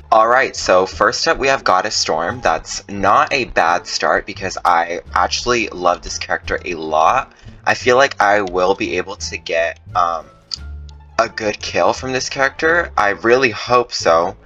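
A man giving excited gameplay commentary, his voice jumping high when tense. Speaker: gaming YouTuber.

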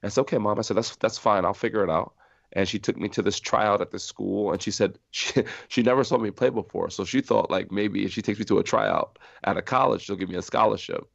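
Middle-aged guy from jersey, gravelly voice, tells stories animatedly, kinda muffled dry sound. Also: lowish voice, brisk, no echo. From New Jersey. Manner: animated storyteller acting out quoted voices, laughing often. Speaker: guest. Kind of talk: storytelling in a podcast interview.

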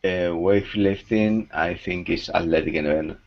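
A man taking part in an English class on a video call, speaking halting, non-native English with many pauses. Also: sits low, gravelly. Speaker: language student. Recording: dull lo-fi video call audio.

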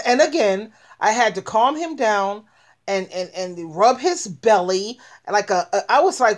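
A woman hosting a casual online chat, telling stories in an animated way and speaking straight to her viewers. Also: mid-range voice, a little slow. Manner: animated storytelling, addressing viewers directly. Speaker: host.

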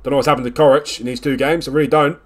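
Man, let's-play commentary, exasperated, scolding, loud outbursts then low mutters, middle pitch. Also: steady tone, very fast. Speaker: video game let's-play host. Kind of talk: exasperated live game commentary.

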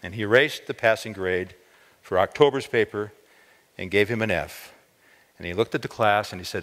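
A man preaching a storytelling sermon in a college chapel, voice lifting on key words. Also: moderate pace. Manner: expressive, lifts pitch on key words. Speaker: chapel speaker. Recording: long hall reverb.

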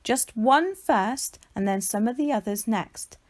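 A wise male lion from a storybook explains in calm, measured, soothing tones, as a woman reads him. His voice moves gently up and down. He sounds patient and kind. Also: sits high, exaggerated voice.

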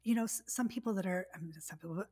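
Fast-talking husky woman host. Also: medium pitch, dark tone. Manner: emotional, quick to exclaim. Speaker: podcast host. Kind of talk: casual interview chat.

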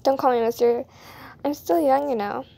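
Woman voicing a friendly young man, teasing, husky, dark tone. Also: high voice, fairly even intonation, normal speed. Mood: playful. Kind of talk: comic dub.

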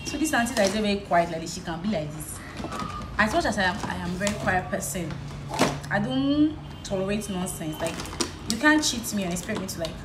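A young Nigerian woman with a Nigerian accent, vlogging in a casual chat while she does her makeup, telling a story in an animated way. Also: medium pitch, brisk, reverberant, background noise. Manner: animated storytelling, switching between English and Yoruba.

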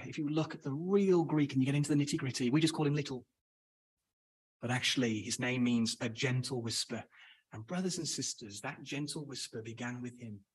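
A man's voice: fairly high pitch, a bit bright, slightly rough, poor audio. A man preaching a sermon, addressing brothers and sisters and asking rhetorical questions. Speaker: Bible speaker.

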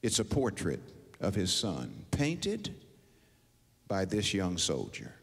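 A man preaching a sermon, telling a story dramatically with deliberate pauses in a large hall. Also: deep voice, wildly swooping pitch, vocal fry, slightly rough. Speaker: university president preaching. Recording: long hall reverb.

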